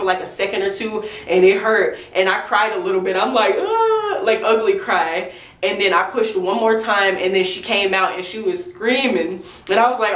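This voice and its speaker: A young woman telling a candid, chatty storytime to her viewers. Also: mid-range voice. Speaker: vlogger. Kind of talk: storytime vlog. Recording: roomy echo, mic at a distance.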